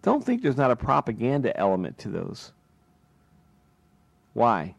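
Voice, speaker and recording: A man's voice: mid-range voice, huge pitch swings, a little slow, vocal fry, no room sound. Male talk radio host lecturing hard, lots of rhetorical questions, dry studio mic. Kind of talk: political radio monologue.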